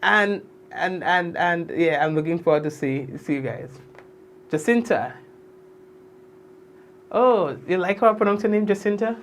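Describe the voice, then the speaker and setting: A man's voice: high-pitched, expressive, unhurried, long pauses, a little hiss or hum. A man hosting a live news stream, chatting casually and teasing viewers by name as he signs off, laughing often.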